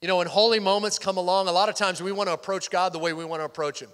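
A man's voice: high-pitched, fairly even intonation, racing, fairly bright tone, clean tone. A male pastor giving a Sunday sermon in a conversational way, sometimes dropping to a near-whisper. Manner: conversational, drops to near-whisper for intimate points. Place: church sanctuary. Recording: hall reverb.

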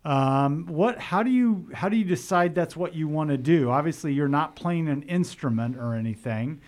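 Chatty school principal hosting, halting delivery. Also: male voice, a little high, animated, a little mellow. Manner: friendly, halting, many fillers. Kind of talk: casual interview podcast.

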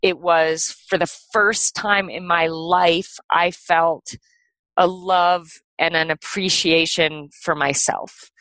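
A middle-aged woman, a podcast guest, telling a personal story in a casual, animated way with lots of "like" and "you know". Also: on the low side, slow pace, no echo, low-quality recording.

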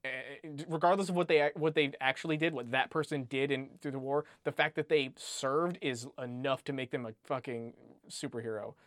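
A man in casual chat, talking through a book in a rambling, animated way, full of restarts and "like". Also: mid-range voice, a little fast, few pauses, no room sound, clean studio sound. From United States. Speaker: podcast co-host discussing a book.

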